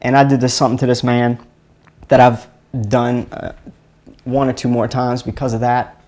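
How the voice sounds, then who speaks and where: Man, live-stream host, rambling, chuckling, halting restarts, casual. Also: mid-range voice, level tone, darkish tone. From Mississippi, USA.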